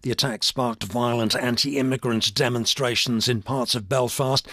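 A man reads the radio news in a measured, formal delivery. His mid-range voice is dry and close-miked. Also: medium pitch, fairly even intonation, a bit bright, no echo. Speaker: newsreader. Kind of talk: news bulletin reading.

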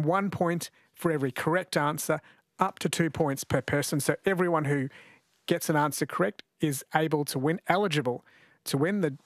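A man's voice: a little high, dry recording. A man with an Australian accent hosting a radio quiz, chatty and jokey. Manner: chatty, jokey, laughs often. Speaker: radio host. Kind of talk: radio talk show hosting. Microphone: studio mic.

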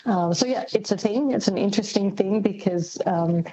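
A woman's voice: medium pitch, normal speed, mellow, dull audio, a little hiss or hum. A woman linguist, answering radio interview questions thoughtfully with many ums and restarts. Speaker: linguist guest.

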